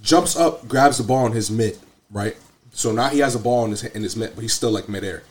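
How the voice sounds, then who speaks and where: A young man casually telling an animated, slangy story full of profanity. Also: on the low side, brisk. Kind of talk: casual chat.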